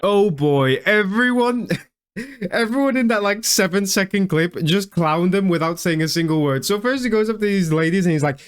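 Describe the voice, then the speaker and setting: A man's voice: sits high, lively intonation, moderate pace, clear, resonant tone. A young man doing comedic reaction commentary, mocking and laughing often, with stammers and restarts. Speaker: video commentator.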